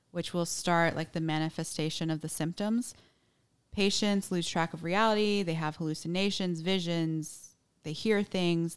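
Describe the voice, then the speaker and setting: Chatty young woman, smooth low voice. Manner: chatty, filler-heavy, restarts sentences. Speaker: podcast co-host. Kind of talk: casual chat, reading research notes.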